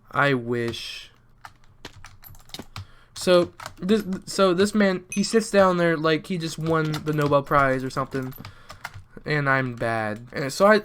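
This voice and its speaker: A man's voice: a little high, fairly bright tone, a little hiss or hum. A teenage boy from the American South, rambling through a joking storytime while gaming, full of restarts. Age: teens. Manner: rambling, joking, restarts a lot, mutters at the game. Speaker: YouTuber. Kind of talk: storytime commentary over gameplay.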